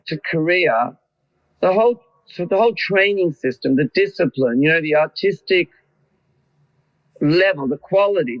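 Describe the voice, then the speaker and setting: High-voiced Australian man, effusive. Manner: effusive, complimentary, rambling questions. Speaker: interviewer, film director. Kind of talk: video interview chat. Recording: dull lo-fi audio.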